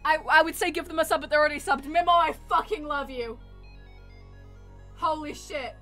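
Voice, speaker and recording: A young woman streaming a video game, excitable and loud, who swears often and keeps squealing and exclaiming. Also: sits high, moderate pace, faint music behind. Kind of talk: live gaming stream commentary.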